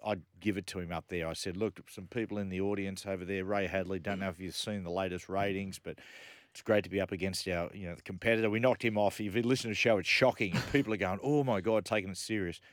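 A man's voice: low-pitched, steady tone, fast talker, no echo, clean studio sound. A man with an Australian accent hosting a radio show, telling jokey stories and mocking others in casual banter. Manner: joking storyteller, mocking, laughs a lot. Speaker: radio host. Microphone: studio microphone.

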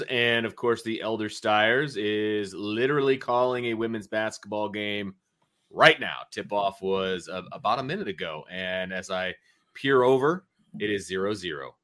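A man in his thirties hosting a sports talk show with lots of energy. His voice is bright and crisp, and he chats and tells stories in an animated way. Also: lowish voice, measured pace. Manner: energetic, chatty, animated storyteller. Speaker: podcast host.

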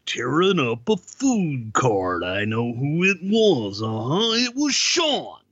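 A man doing a high, strained impression of a gruff, intense male wrestler, drawling his words. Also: wildly swooping pitch, slow, fairly bright tone, no echo, lo-fi sound, full character voice. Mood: sly.

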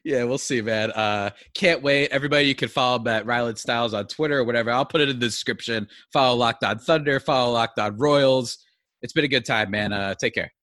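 A man's voice: medium pitch, brisk, a bit bright, no echo, studio quality. A man hosting a sports podcast, talking in an upbeat, casual way with fillers. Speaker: podcast host.

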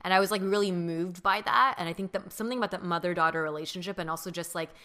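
A woman's voice: on the low side, steady tone, quick pace, sharp tone. A woman co-hosting a casual podcast chat, speaking thoughtfully with lots of "like" and "um". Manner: thoughtful, many fillers like "like" and "um". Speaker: podcast co-host.

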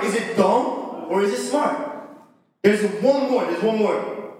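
A young man preaches a casual sermon, his voice sitting high and easy. He talks in slang and breaks into laughing asides. The sound rings around a big echoey hall and comes from some way off the mic. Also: lively intonation, fairly quick, recorded from a distance. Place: church hall.

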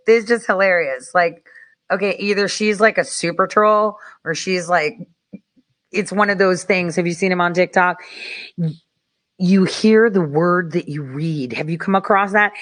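Woman vlogger, casual commentary, low-ish pitch, laughs and sounds incredulous. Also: fairly bright tone.

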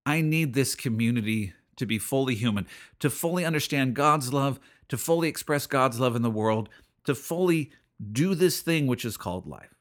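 A man's voice: medium pitch, expressive, moderate pace. A man hosting a radio show, preaching in an earnest, conversational way and often repeating his phrases. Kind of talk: radio sermon.

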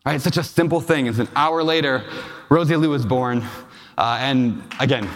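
Before a live audience in a large hall, a man speaking at normal speed in a medium pitch delivers a keynote as a real estate investor. He tells moving personal stories and asks the crowd questions, his words trailing in long hall reverb.

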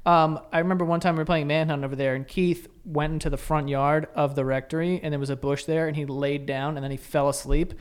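A man, chatting on a loose comedy podcast. He rambles through self-deprecating stories full of "like" and "uh," his voice pitched slightly high. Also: fairly even intonation, fast, hardly any pauses, clear, resonant tone. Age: 30s. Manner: rambling, filler-heavy, self-deprecating anecdotes. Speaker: podcast co-host. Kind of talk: casual comedic chat.

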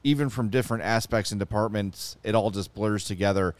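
Male talk-show host, smooth clear voice, exasperated animated rants. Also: fairly low pitch, a little fast, dry recording. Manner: animated, exasperated ranting with asides. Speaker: podcast host. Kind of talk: casual sports talk show chat.

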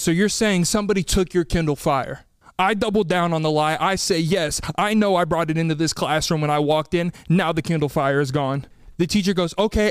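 A man's voice: high-pitched, clear, resonant tone, no room sound, studio quality. A young man hosting a podcast, telling a story animatedly and acting out other people's lines. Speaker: podcast host.

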